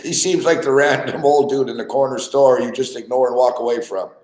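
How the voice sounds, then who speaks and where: A man hosting a sports podcast, ranting casually with swearing and laughter, and getting excited as he recounts plays. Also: mid-range voice, brisk, roomy sound, poor audio. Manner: profane, laughing, gets excited over plays. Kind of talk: casual sports talk rant.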